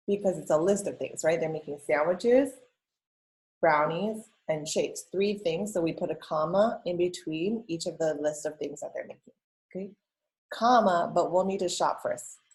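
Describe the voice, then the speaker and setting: A woman with a low, steady voice walks young students through a worksheet in a recorded remote lesson. She is patient and chatty, dotting her speech with "um" and "okay?" and reading sample sentences aloud with exaggerated pauses. It sounds like she is speaking into her computer microphone while sharing her screen. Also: low-quality recording. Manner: patient, explains step by step, many ums and okays. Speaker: elementary school teacher.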